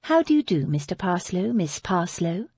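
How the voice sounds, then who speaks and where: A woman voicing a composed, polite young gentlewoman in an audiobook. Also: lowish voice, big pitch swings, moderate pace, breathy edge, no room sound, exaggerated voice.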